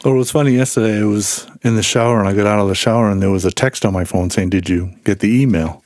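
Man, middle-aged, low-pitched, dry close sound, animated storyteller. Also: fast talker, no echo. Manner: animated storyteller who acts out quoted people. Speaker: guest. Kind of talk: casual storytelling chat.

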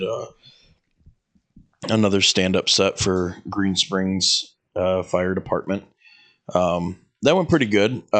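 Lowish-voiced joking young man. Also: a bit bright. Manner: joking, breaks into laughter. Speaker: podcast co-host and stand-up comic. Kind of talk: casual chat.

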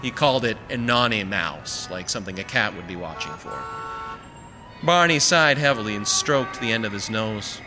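A man's voice: on the low side, lively intonation, normal speed. A man narrating a story aloud with a dry, wry storytelling manner, in a recording with long reverb and faint music. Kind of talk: storybook reading.

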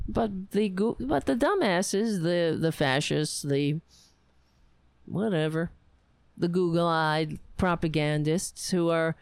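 Slow, scornful political commentator. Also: medium pitch, vocal fry, dry recording. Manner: sarcastic and scornful, halting with many restarts. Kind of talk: ranting solo commentary.

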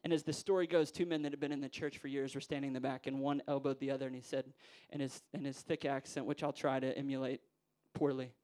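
A man preaching a sermon in a church, moving from hushed, quiet passages to rousing, emphatic ones. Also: mid-range voice, flat delivery, quick pace, hardly any pauses. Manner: builds from hushed to rousing, voices quoted figures.

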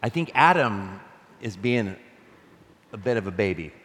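A male pastor preaching a conversational, animated sermon, reading scripture and laughing between points. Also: lowish voice, measured pace, long reverb tail.

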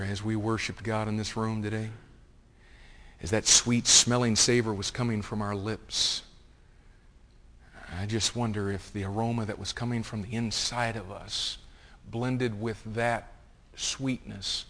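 Impassioned preacher in a reverberant hall. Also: male voice, fairly low pitch. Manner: impassioned preaching, swinging from hushed to loud. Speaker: pastor. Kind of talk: sermon. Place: church sanctuary. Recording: long reverb of a large hall.

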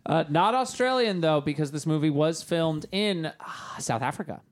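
A man's voice: on the high side, lively intonation, normal speed. A man co-hosting a podcast in casual chat, talking in long rambling runs with lots of fillers. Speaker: podcast co-host.

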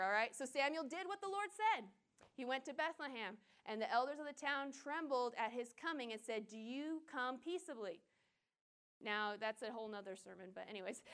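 A woman preaching an informal sermon in a light, high voice. She reads scripture, then jumps into playful acted-out lines and self-deprecating laughs, keeping it conversational. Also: smooth. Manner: lively, laughs at herself, acts out scenes in quick voices. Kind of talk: casual sermon with scripture reading.

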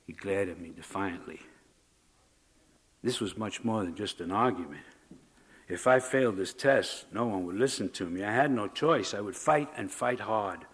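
Man reading a story aloud. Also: fairly low pitch. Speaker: prison writing award reader.

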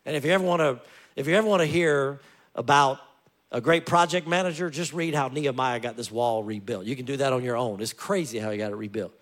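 A man preaching a sermon as pastor, telling stories with lively joking asides. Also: medium pitch, brisk.

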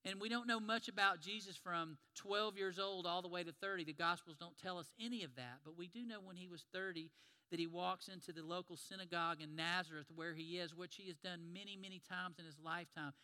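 A man's voice: high voice, fairly quick, sharp tone, clean tone, in a large hall. A man preaching a sermon in a conversational storytelling way, retelling scenes and acting out the lines.

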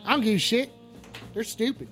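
A man's voice: high voice, expressive, a little fast, a bit bright, faint music behind. A man playing a stoned, blustering cowboy host of a comedic call-in radio show, with a drawling, swaggering, profane way of rambling.

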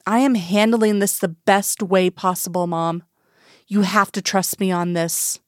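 A woman's voice: medium pitch, fairly even intonation, measured pace, dry recording, studio quality, close to an everyday voice. A woman reading the part of a seriously ill doctor, tired and guarded, answering in short clipped lines. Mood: weary.

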